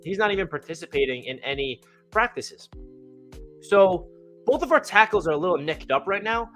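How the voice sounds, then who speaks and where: A young man talking casually and with excitement about his football team, rambling and full of fillers, with hiccups. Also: high-pitched, normal speed, faint music behind. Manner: rambling, enthusiastic, many fillers. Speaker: fan channel host.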